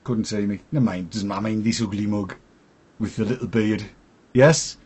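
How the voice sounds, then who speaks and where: A man's voice: on the low side, brisk, a little mellow, husky. A man hosting a casual online chat show, talking in a jokey, self-deprecating way. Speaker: host.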